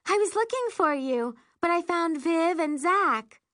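A woman voicing a bubbly, excitable young woman friend at a party, gushing and squealing. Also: extremely high pitch, unhurried, dry recording, clean studio sound, pitched above the performer's own voice, heavily acted.

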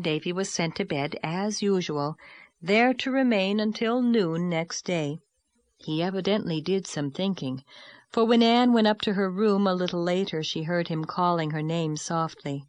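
A woman calmly narrating a classic story as an audiobook reader. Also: lowish voice, moderate pace, dry recording. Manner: calm, steady storytelling. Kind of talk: scripted narration.

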